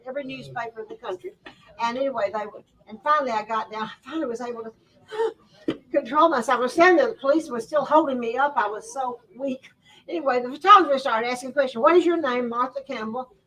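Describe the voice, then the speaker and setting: A woman, telling a personal story to a crowd in a lively way, laughing often and acting out what people said. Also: fairly high pitch, far from the mic, poor audio. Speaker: guest speaker. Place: boutique store event.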